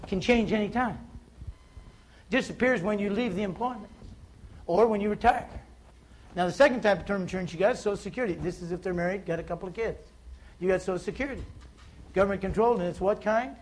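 A man with a notably high voice teaches a room of agents in a folksy, storytelling way. He builds up to emphatic points and keeps the talk plain and direct. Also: fast, pauses often, low-quality recording. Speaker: insurance sales trainer. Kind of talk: seminar talk.

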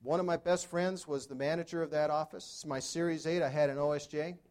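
A man in his sixties delivers a storytelling keynote to a live audience. His voice sits a little high for a man. He talks conversationally, throws questions to the crowd, and lands dry jokes. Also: steady tone, fairly quick, darkish tone. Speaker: motivational speaker.

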